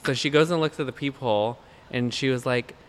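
A man's voice: mid-range voice, brisk, slight background noise. A young man co-hosting a podcast, telling a rambling, profane story in casual chat, full of "like" and "literally". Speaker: podcast co-host.

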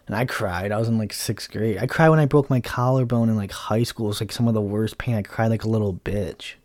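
A man's voice: fairly low pitch, brisk, darkish tone, no room sound, clean studio sound. A young man hosting a talk show, ranting casually in a blunt, sarcastic and profane way, rambling with lots of fillers. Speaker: podcast host.

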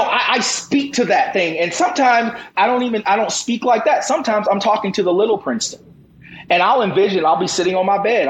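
A man talking as a podcast guest and motivational speaker, emphatic and preacher-like, with rising bursts of intensity. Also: on the high side. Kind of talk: impassioned motivational talk. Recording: roomy echo, faint background noise.

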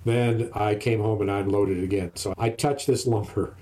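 A man's voice: on the low side, fairly even intonation, normal speed, warm tone. An older man chatting casually, telling a long rambling story and acting out what others said. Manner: rambling storyteller who acts out other voices. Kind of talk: casual chat.

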